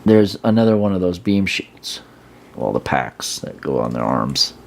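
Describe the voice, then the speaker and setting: A man's voice: low voice, big pitch swings, measured pace, vocal fry, slight background noise. A man casually showing and reviewing an action figure, rambling with fillers and restarts. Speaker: toy reviewer. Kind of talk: casual hands-on product review.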